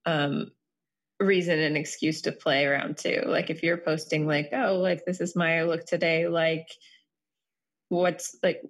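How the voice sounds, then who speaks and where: Rambling woman with a lowish voice. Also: flat delivery, a little slow. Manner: chatty, rambling with "like" fillers. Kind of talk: casual chat.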